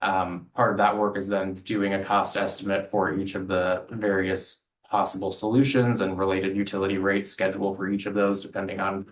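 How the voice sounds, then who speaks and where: A man on the city staff explaining plans at a council meeting in a measured, explanatory way. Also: sits low, slight background noise. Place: council chamber. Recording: roomy chamber, distant mic.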